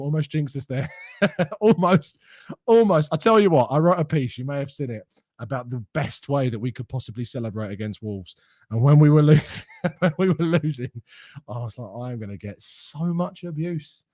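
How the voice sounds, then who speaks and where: A man's voice: medium pitch, expressive, fairly quick, darkish tone, no room sound, clean studio sound. A young man hosting a fan live stream, giddy and mocking, laughing often as he reads out chat messages. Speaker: fan channel host reading live chat.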